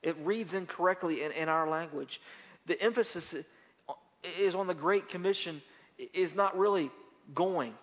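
A man's voice: sits high, normal speed. A man preaching a sermon as pastor, building to emphatic, repetitive bursts. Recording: dull lo-fi sound with long hall reverb.

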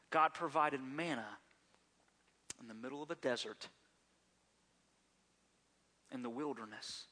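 A man's voice: mid-range voice, bright, forceful tone. A man preaching a sermon as a pastor, talking conversationally and often asking the congregation rhetorical questions.

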